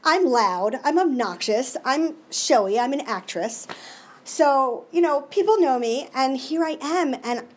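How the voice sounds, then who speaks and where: A middle-aged woman giving a personal recovery share, emotional and expressive, with many restarts. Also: fairly high pitch, moderate pace, slightly rough. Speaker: recovery meeting speaker.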